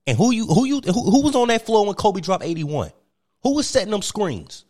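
A man's voice: medium pitch, lively intonation, a little fast, natural voice. A man doing an indignant stammering ex-athlete. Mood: insistent. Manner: stammering, repeating himself, indignant. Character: aggrieved former pro basketball player, adult man. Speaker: prank caller.

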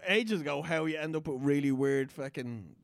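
A man's voice: on the high side, moderate pace, gravelly, dry recording. A man co-hosting a podcast in casual banter, telling a crude anecdote and laughing as he goes. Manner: animated, laughs mid-sentence, crude humor. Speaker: podcast co-host.

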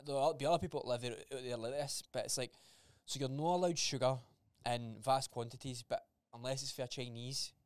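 A man's voice: medium pitch, fairly even intonation, a little fast, hardly any pauses, clear, resonant tone, no echo, studio quality. A young man in a casual podcast chat, blunt and swearing freely, acting out remembered conversations. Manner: blunt, swears freely, acts out quoted dialogue. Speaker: podcast co-host.

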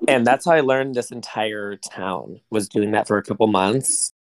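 A man's voice: on the low side, moderate pace, dry recording. A man in casual crude chat, blunt and teasing.

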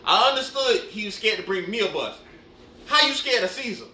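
A man's voice: high-pitched, animated, a little fast, bright, forceful tone. A man telling profane, laughing stories about a coworker at a bus depot, acting out what people said. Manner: storytelling, quotes others, laughing. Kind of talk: casual banter among coworkers. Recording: echoey room, distant mic, faint noise.

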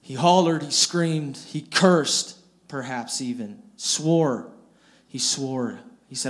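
A man's voice: medium pitch, takes it slowly. A man preaching a storytelling sermon, retelling scripture in plain everyday speech and often repeating and restarting his phrases.

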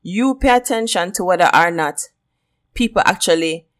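A woman from Jamaica with a Jamaican accent hosting a solo podcast, talking casually and lively and slipping into patois. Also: fairly low pitch, normal speed. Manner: lively, switches into patois, laughs often. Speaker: podcast host.

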